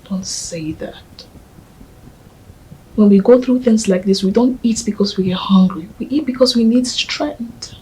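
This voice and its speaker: A woman's voice: medium pitch, a little slow, long pauses, slightly rough, poor audio. A woman playing a tender Nigerian comforter. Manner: soft, tender, often whispering. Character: young woman comforting her grieving partner. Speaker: grieving widow, then comforting partner. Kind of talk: Nollywood film acting.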